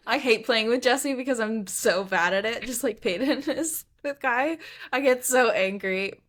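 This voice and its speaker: A woman's voice: a little high, unhurried. Chatty young woman co-hosting a podcast. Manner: chatty and rambling, trips over words. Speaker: podcast co-host. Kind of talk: casual book-discussion chat.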